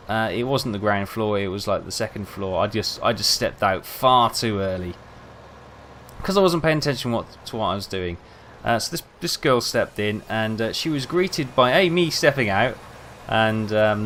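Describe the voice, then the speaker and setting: Rambling man with a low voice. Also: a bit bright, slight background noise. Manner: rambling, self-mocking storyteller. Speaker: gaming video host. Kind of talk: casual commentary over gameplay.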